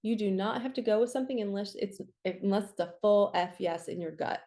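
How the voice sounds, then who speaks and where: Warm, mellow-toned woman, spiritual coach, chatty encouraging tarot reader. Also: mid-range voice, a little hiss or hum. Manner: upbeat, encouraging, chatty with quick asides. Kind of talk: casual tarot reading monologue.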